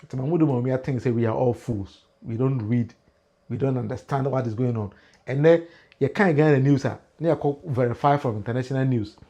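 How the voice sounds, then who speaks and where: A Ghanaian man hosting a political livestream, talking in animated commentary that mixes Twi and pidgin English, with emphatic rises and frequent laughs. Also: mid-range voice, brisk.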